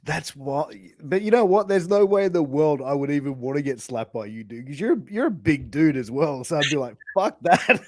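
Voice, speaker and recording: A man's voice: fairly high pitch, lively intonation, fairly quick, few pauses, darkish tone, dry recording, clean studio sound. A man hosting a podcast, laid-back and agreeable as he runs a quiz segment. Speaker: podcast host.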